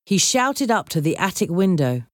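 A woman reading a children's storybook aloud in a clear, measured storytelling voice. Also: lowish voice, big pitch swings, no echo, studio quality. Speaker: narrator.

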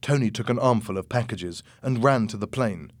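A man narrating an audiobook chapter in a slow, measured, clear reading. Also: on the low side, no echo.

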